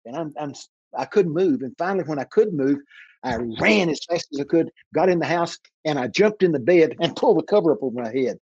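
A minister from Texas in his 80s, interviewed about his life, tells animated personal stories, playing out the voices and slowing down for emphasis. His voice is on the high side, expressive and somewhat dark, with a breathy edge. The recording is muffled, with no room sound.

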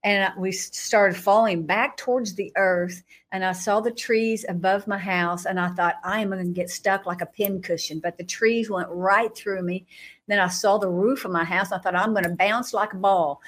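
A woman guest recounts her personal testimony in an animated, dramatic way. Her voice sits at a middle pitch. She plays out her own past thoughts with sudden jumps in pitch and laughs between phrases. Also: normal speed. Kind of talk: animated testimony storytelling in an interview.

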